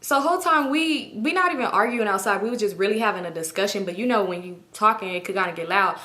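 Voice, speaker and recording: A young adult woman telling a casual storytime, animated, swearing freely and acting out what people said. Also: mid-range voice, quick pace. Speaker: YouTube storyteller.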